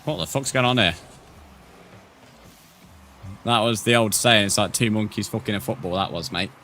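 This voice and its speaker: Man, young adult, streamer, slightly low voice, casual banter, reads chat. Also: fast talker, pushed and bright, soft background music. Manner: casual, swears often, banters with viewers. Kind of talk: live gaming commentary, reading chat.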